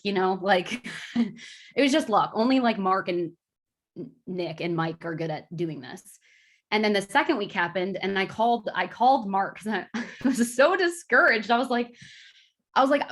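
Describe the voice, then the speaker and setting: A young woman who works as an insurance agent, talking in an excited, effusive way in an interview. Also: mid-range voice. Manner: bubbly, effusive, quick bursts.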